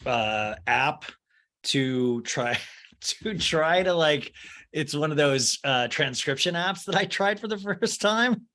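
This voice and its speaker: A man's voice: mid-range voice, bright, forceful tone. A man hosting a casual solo podcast, gossiping and laughing as he recaps, swearing freely and sarcastically mimicking the people he talks about. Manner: sarcastic, mimicking cast members in exaggerated voices. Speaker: podcast host.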